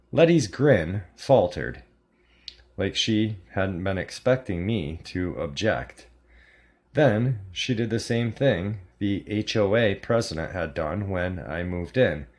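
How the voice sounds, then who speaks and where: A man reads a horror story aloud in a calm, measured style. His voice sits low and the delivery is unhurried. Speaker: narrator. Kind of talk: scripted horror story narration.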